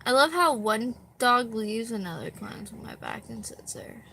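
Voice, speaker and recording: A woman's voice: a little high, big pitch swings, normal speed, vocal fry, bright, forceful tone, slight background noise. A young woman chatting casually on a live stream, tired, rambling and self-deprecating, with a dog on her back at home.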